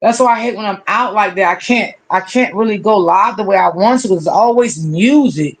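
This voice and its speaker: A chatty livestream host who talks casually to the audience and greets viewers by name with long, drawn-out hellos. The speech is familiar and loose, full of terms like honey and baby. The voice sits at an ordinary middle pitch. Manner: warmly familiar, calls people honey and baby.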